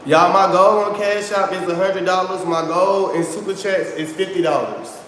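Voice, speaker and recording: Chatty high-voiced man livestreaming. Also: fairly even intonation, normal speed, fairly bright tone, echoey room, in a large hall, slight background noise. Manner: chatty, repeats himself, addresses viewers as y'all. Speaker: livestream host. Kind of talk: casual livestream chat.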